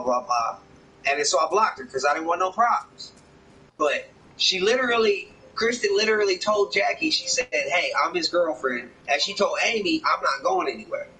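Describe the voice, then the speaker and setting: A man's voice: fairly high pitch, bright, forceful tone, far from the mic, slight background noise, poor audio. A man telling a rambling, heavily profane story in casual talk, often acting out other people's words. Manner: rambling, swears often, acts out others' lines.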